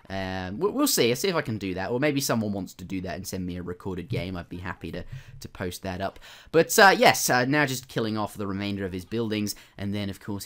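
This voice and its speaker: Male gaming host, casual voice-over commentary, slightly low voice, chatty with restarts. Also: a bit bright. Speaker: gaming YouTuber. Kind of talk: gameplay commentary.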